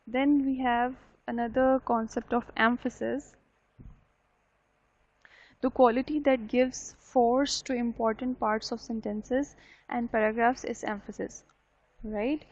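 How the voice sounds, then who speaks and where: A woman's voice: a little high, fairly even intonation, slow pace. A woman teaching a live online English class, explaining points, repeating them and often checking with "right?". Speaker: university English lecturer. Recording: dull lo-fi online session audio.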